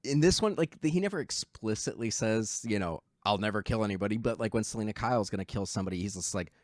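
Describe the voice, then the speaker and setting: A man with a low voice co-hosts a podcast, talking films in an easy, excited way. He swears freely and acts out characters' lines. The sound is close and dry. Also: quick pace, no room sound. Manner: enthusiastic, swears casually, acts out quotes. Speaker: podcast co-host. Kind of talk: casual film discussion.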